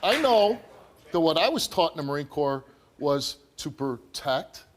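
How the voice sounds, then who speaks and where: A man's voice: on the high side, big pitch swings, measured pace. A man hosting a talk show, questioning a guest hard and pushing for agreement after each point. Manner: pressing, keeps asking "right?". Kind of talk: confrontational questioning.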